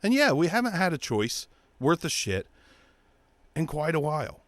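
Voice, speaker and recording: A man hosting his own show, ranting bluntly about politics with heavy swearing and mocking, squeaky impressions of other people. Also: very animated, a little slow, a bit bright, no echo. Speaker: show host. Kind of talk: profane political rant.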